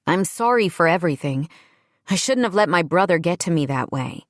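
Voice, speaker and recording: A woman voicing a sincere young man speaking softly and tenderly in a romance audiobook. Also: lowish voice, lively intonation, a little fast, dry recording, studio quality. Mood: remorseful. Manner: soft, sincere, heartfelt.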